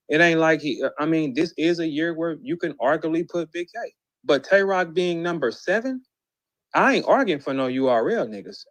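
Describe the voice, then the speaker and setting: Heated man going off about battle rap, cussing a lot, kinda high voice, dead dry sound. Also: no room sound. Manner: profane, incredulous, mocking, shouts quoted lines. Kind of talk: heated ranting monologue.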